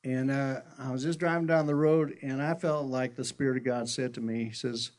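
A man's voice: mid-range voice, steady tone, moderate pace, few pauses, darkish tone. A middle-aged man preaching a sermon in a conversational, folksy storytelling way, often restarting his sentences. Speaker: pastor.

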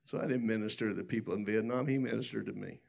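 Gravelly-voiced man preaching a sermon. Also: on the low side, quick pace, a little mellow. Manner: rambling storytelling with many restarts.

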